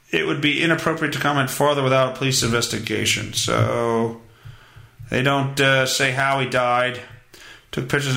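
A man hosting a solo podcast, reading headlines with crude, profane sarcasm. His voice is bright and gravelly with a lively pitch. The sound is roomy and echoey. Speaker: podcast host. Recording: echoey room.

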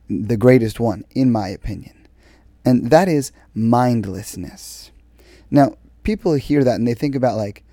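A man's voice: mid-range voice, dark tone, no echo, clean studio sound. A man speaking earnestly in a conversational motivational monologue, drawing out key words for emphasis. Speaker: speaker sharing advice on exercise and mindset.

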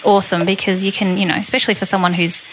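Fast-talking Australian woman. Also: mid-range voice, little pitch movement, noisy background. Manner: chatty and enthusiastic. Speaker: co-author and co-host. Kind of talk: podcast interview.

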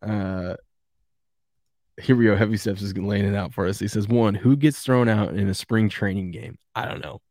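A low, darkish male voice, clean and studio-recorded with no room sound, carries a relaxed live sports chat at a moderate, fairly even pace. As host of a morning show, he chuckles and meanders through comments sent in by viewers.

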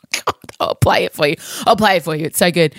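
A woman's voice: on the low side, fairly quick, vocal fry, fairly bright tone, dry recording. A woman in her forties hosting a podcast in casual chat, candid, swearing freely and often getting emotional. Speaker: podcast host. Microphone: studio microphone.

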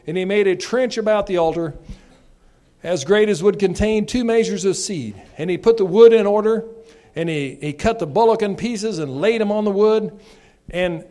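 A high-pitched male preacher with a drawl. He reads scripture in a low, soft voice, then climbs into loud, shouted calls for revival. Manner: builds from quiet scripture reading to loud, shouting exhortation. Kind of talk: revival sermon.

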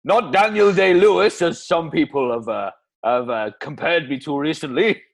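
A man putting on a hammy impression of a famous Welsh crooner with a put-on Welsh accent, for a comedy spoof advert. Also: moderate pace. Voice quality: exaggerated, booming showman delivery.

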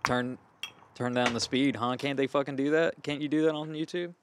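A man's voice: medium pitch, fairly even intonation, moderate pace, a bit bright, slight background noise. A young man in casual chat with friends, talking bluntly, emphatically and with frequent swearing.

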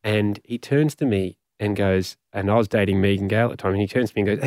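A man in his forties with an Australian accent, telling animated anecdotes as a guest and laughing often. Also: fairly low pitch, fast, few pauses, no echo, clean studio sound. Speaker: radio and podcast host, guest. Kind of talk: casual storytelling.

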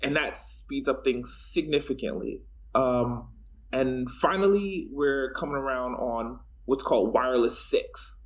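A man's voice: mid-range voice, unhurried. A man co-hosting a podcast, explaining technology casually with lots of fillers. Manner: explains at length with many fillers. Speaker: podcast co-host. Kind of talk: casual tech chat. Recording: dull lo-fi home recording.

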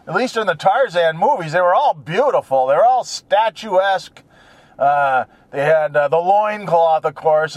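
A man's voice: high-pitched, no echo. A man delivering a rambling, crude, joking monologue with frequent chuckles and wandering asides.

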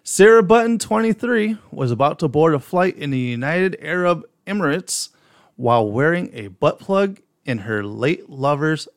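A man co-hosting a podcast, his voice leaping around with lively, animated swings. He sits a touch high for a man and laughs easily as he reads a story aloud. The sound is dry and close. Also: normal speed, dry recording. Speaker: podcast co-host. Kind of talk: casual chat, reading a news story aloud.

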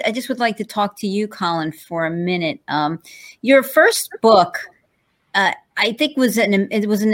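A woman interviewing her guests, enthusiastic and slightly stumbling. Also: mid-range voice. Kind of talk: interview questions.

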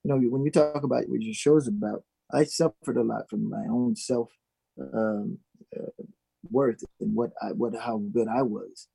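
Husky-voiced man telling a story. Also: medium pitch, normal speed, dry recording. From Minnesota. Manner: animated, acts out quoted voices. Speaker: guest musician. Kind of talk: storytelling in an interview.

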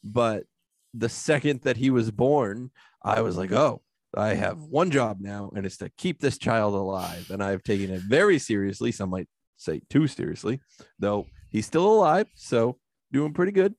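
A man's voice: lowish voice, animated, moderate pace, creaky, no echo, clean studio sound. A young man co-hosting a podcast, talking candidly and with self-deprecating humor in a casual chat. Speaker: podcast co-host.

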